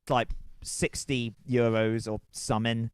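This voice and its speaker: A man calling in to a podcast, telling a story in an animated way. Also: mid-range voice, unhurried, smooth, dry recording, clean studio sound. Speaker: caller.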